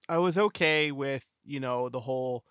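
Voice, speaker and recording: A man hosts a podcast and chats casually about a war film. His voice is smooth and resonant, recorded dry and up close. He hedges his opinions and fills his talk with "you know". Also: mid-range voice, a bit bright, no room sound. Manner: easygoing, hedging, heavy "you know" fillers. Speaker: podcast host. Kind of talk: casual film review chat.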